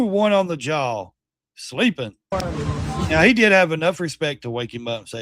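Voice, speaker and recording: A middle-aged man hosting a casual livestream, reacting to videos with loud, blunt, slangy commentary. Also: on the high side, expressive, normal speed, pauses often, background noise. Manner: loud, blunt, slangy, mocks and quotes the clips.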